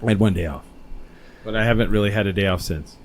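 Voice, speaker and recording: A man's voice: lowish voice, quick pace. A man hosting a podcast in a small studio, joking around in casual banter. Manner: jokey, slips into silly quoted voices. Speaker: podcast host. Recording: faint air conditioning hum behind.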